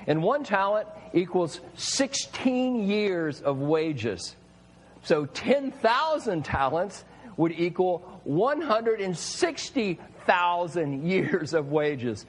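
A man's voice: high-pitched, husky, rough recording. A man preaching a sermon, emphatic and full of rhetorical questions to his listeners.

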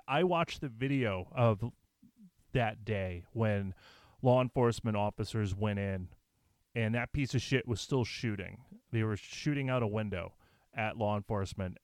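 A man's voice: lowish voice, no room sound. A man vlogging, reading aloud and commenting in a blunt, profane, indignant way with sarcastic asides.

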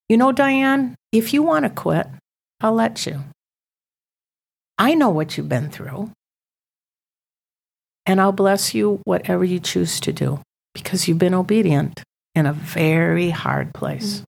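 A middle-aged woman tells her story as a podcast guest, in a lowish voice with a gravelly edge. She acts out her prayers with rising emotion and speaks earnestly. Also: sing-song, a little slow, long pauses. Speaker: ministry founder, guest. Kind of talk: testimony in a podcast interview.

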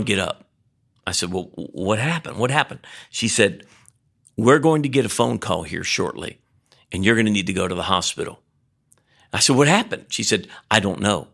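A man's voice: deep voice, vocal fry, a bit bright. A middle-aged male pastor preaching a sermon, telling a personal story with frequent restarts and emphatic peaks.

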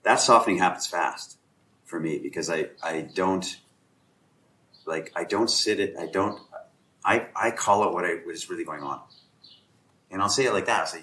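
A man's voice: low voice, moderate pace, pauses often, bright, forceful tone. A man leading a casual round-table discussion who acts out both sides of conversations as he talks. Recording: echoey room.

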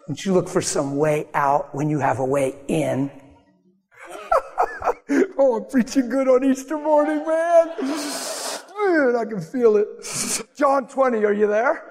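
An animated male pastor preaching a sermon with a high voice, acting out the people he quotes. The sound carries a long reverb as in a hall.

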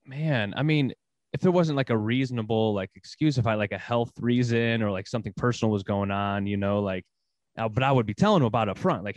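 A man's voice: medium pitch, dry recording. A man co-hosting a sports podcast in casual chat, getting fired up and ranting, laughing now and then. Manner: ranting, animated, quick to laugh. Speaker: podcast co-host.

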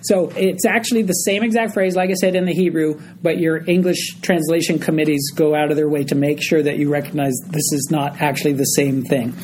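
A man's voice: fairly high pitch, fairly even intonation, brisk, hardly any pauses, darkish tone, slight background noise, low-quality recording. A man teaching a group Bible study, explaining a passage verse by verse and often checking in with his listeners.

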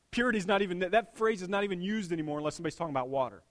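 Male pastor, slightly high voice, chatty sermon with sharp swings between hushed and punchy lines. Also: lively intonation, racing. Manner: conversational, joking with the congregation.

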